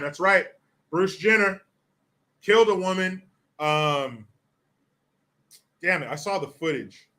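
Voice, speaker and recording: A male show host riffs on viewer comments in loose, profane commentary. His voice sits a little high, with a bright and forceful edge. He rambles and restarts, bluntly and without polish.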